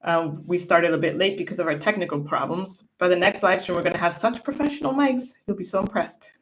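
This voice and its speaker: A woman's voice: lowish voice, quick pace. A woman co-hosting a casual livestream, chatting and reading viewer comments aloud from a home setup. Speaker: livestream co-host.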